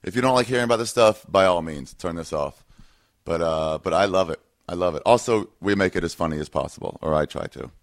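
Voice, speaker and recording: A man's voice: low voice, a little fast. A man hosting his podcast, rambling through a casual intro with many ums and uhs. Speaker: podcast host.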